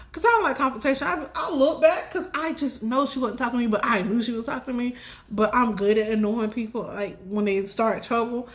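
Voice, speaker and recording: A young adult woman telling a personal story in a casual, chatty way, laughing often and rising high when excited.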